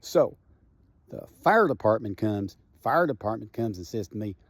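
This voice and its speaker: A middle-aged man, a comedian, telling a personal story in a casual, animated and profane way, often tagging his lines with "right?". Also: lowish voice, normal speed, no echo.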